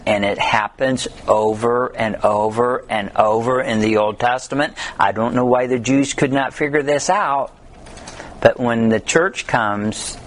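Male Bible study teacher, conversational delivery with funny stories and scripture readings, faint background noise. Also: lowish voice. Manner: conversational, tells humorous stories, reads scripture aloud.

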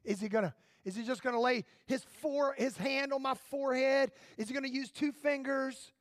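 A man's voice: very high-pitched, fairly even intonation, normal speed, fairly bright tone, no room sound, studio quality. A pastor acting out a blind man awaiting healing in a sermon story, complaining with comic exasperation. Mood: eager.

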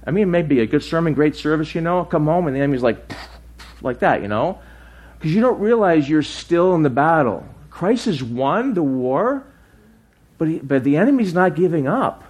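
A middle-aged male pastor preaching a sermon in a relaxed, conversational way, with asides and restarts. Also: fairly high pitch, normal speed, breathy edge.

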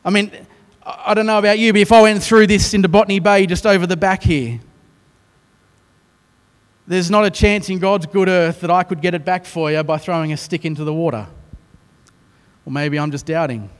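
A high-pitched, fairly quick male voice with an Australian accent preaches a sermon, the room leaving a long reverb tail. As pastor, he tells the story animatedly, poking fun at himself with joking asides.

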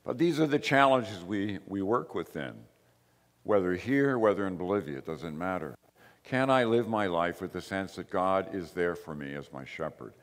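A man preaching a sermon as pastor, slow and emphatic, with repeated short phrases. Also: low voice, expressive, long reverb tail. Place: church.

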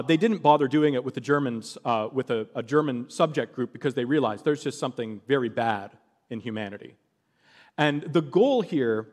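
A man's voice: mid-range voice, long reverb tail. A man preaching a sermon, telling a story with animation and acting out the voices of the people in it.

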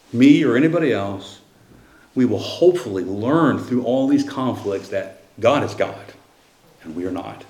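A middle-aged man, a pastor, preaches a sermon in a church sanctuary, his medium-pitched voice echoing around the room. He tells a personal story loosely and conversationally, often restarting his sentences.

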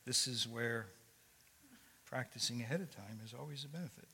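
A man's voice: mid-range voice, moderate pace, background noise. An older man giving a sermon as a guest speaker. He tells stories in a conversational way with frequent fillers and restarts. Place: church sanctuary. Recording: long echo of a large hall.

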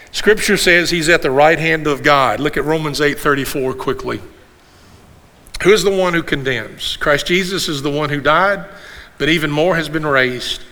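Older pastor guy in his 60s, fairly high bright voice, preaching in a big echoey church hall. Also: moderate pace. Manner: animated preaching with rhetorical questions and repeated refrains. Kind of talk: sermon. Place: church sanctuary. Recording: long hall reverb in a church.

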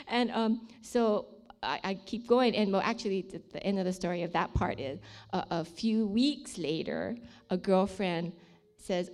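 With a medium pitch and ordinary speed, a woman who leads a ministry recounts her faith journey emotionally. At the dramatic points she lowers her voice nearly to a whisper.

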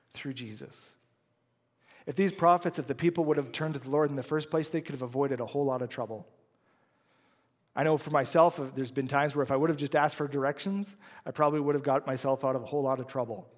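Preaching man in a reverberant hall. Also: mid-range voice. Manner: earnest, conversational preaching with frequent "right?" asides. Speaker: pastor. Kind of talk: sermon. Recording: long reverb of a large hall.

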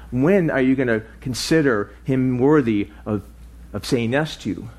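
A man preaching a sermon, with lively swings in pitch and loudness, dropping low and soft for emphasis. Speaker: pastor.

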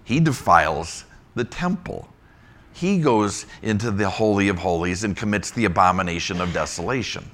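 A male pastor works through scripture in a loose, conversational teaching style. His voice is bright and clear, and he keeps the room with him by asking rhetorical questions. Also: lowish voice, lively intonation, normal speed. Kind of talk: Bible teaching sermon.

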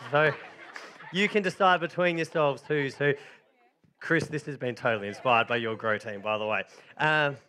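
A man's voice: mid-range voice, normal speed, sharp tone, a little hiss or hum. A man preaching a sermon, jokey and chatty, cheerfully directing volunteers through a story. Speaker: pastor. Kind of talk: sermon with playful reenactment.

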